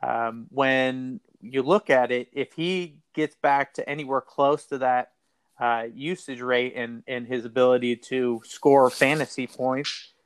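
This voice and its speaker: A man's voice: medium pitch, fairly even intonation, unhurried, smooth, dry recording. A man hosting a casual fantasy basketball talk show, rambling and repeating words as he thinks. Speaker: fantasy basketball podcast host. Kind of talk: casual sports betting chat.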